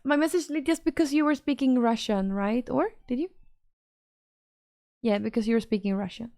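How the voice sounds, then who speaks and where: A woman's voice: fairly high pitch, moderate pace, a little mellow, no echo, clean studio sound. Chatty woman streamer reading chat. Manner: chatty, reacts to chat, reads messages aloud. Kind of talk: casual livestream chat.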